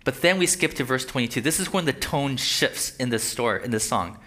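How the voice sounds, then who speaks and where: A man's voice: medium pitch, lively intonation, brisk, sharp tone. A man preaching a sermon, reading scripture aloud with rising emphasis and often asking his listeners "right?". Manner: asks the audience "right?" and "Amen?". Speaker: pastor.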